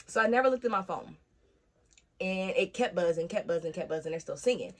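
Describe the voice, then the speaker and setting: Animated profane young woman telling a story. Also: lowish voice, fairly quick. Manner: animated, profane, acts out quoted voices. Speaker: storytime vlogger. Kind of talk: casual storytelling.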